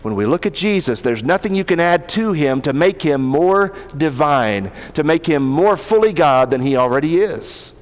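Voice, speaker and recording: Male pastor, slightly high voice, earnest sermon delivery with slow emphatic scripture reading, long hall reverb. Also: lively intonation.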